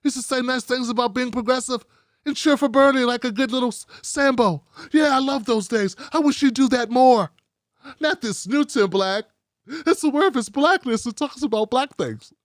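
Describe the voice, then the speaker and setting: A man's voice: very high-pitched, normal speed, no echo, studio quality, voice pushed up. A man voicing a petulant, bigoted male TV viewer, mocking him with exasperated, sarcastic complaints. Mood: whining.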